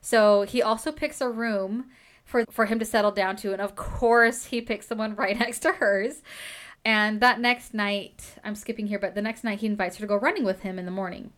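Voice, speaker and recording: A woman's voice: mid-range voice, fairly even intonation, moderate pace, a bit bright. A woman host casually recapping a novel chapter by chapter, gushing and laughing often as she talks. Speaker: book podcast host.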